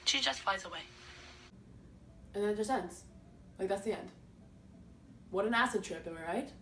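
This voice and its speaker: A woman's voice: mid-range voice, animated, normal speed, a bit bright. A young woman retelling a classic play in a sarcastic, slangy, chatty way, recorded on a distant mic with faint hiss. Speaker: student summarizing a play. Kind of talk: comedic casual retelling.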